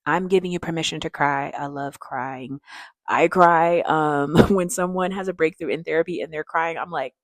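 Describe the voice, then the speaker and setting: A woman's voice: deep voice, moderate pace, no room sound, studio quality. A woman therapist giving direct, emphatic advice to camera, often checking in with "okay?". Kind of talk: casual advice talk to camera.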